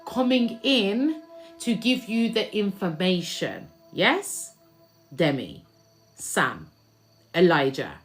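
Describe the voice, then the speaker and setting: A young woman giving a spiritual card reading to viewers, chatty and slangy, swinging between loud bursts and hushed asides. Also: lowish voice, very animated, slow, long pauses, soft background music. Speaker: tarot reader.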